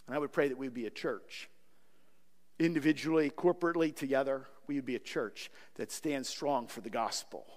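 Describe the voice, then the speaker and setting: A man's voice: medium pitch, a little fast, in a large hall. A man preaching a sermon as pastor, earnest and pleading, often repeating words as he presses his point.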